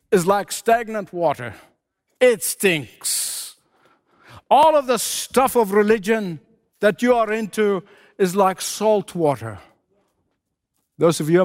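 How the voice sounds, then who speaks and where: A man preaching a sermon with an impassioned, repetitive cadence, hammering his points again and again. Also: high voice.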